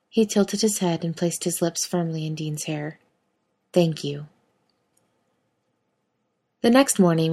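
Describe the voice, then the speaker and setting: Woman narrating fan fiction in an easy storytelling voice. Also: lowish voice. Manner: even, conversational storytelling with casual swearing. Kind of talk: audiobook fan fiction reading.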